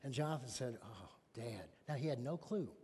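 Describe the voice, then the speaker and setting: A man's voice: mid-range voice, quick pace, in a large hall. A middle-aged man preaching a sermon as pastor, telling stories animatedly and acting out the voices of people he quotes. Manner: animated storytelling with big swings in loudness.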